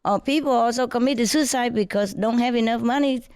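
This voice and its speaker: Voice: mid-range voice, fairly quick, a little mellow, clean tone, no room sound. Chatty storyteller with non-native English. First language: not English. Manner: chatty, grows indignant, laughs often, broken grammar; frequent fillers like you know and yeah. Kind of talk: casual anecdote told to a friend.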